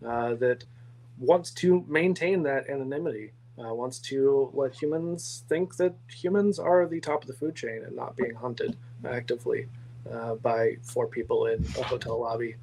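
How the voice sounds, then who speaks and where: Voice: medium pitch, fairly even intonation, moderate pace, a little mellow, rough recording. A game master with a male-range voice, running a tabletop game, laughing often and explaining rules with many fillers.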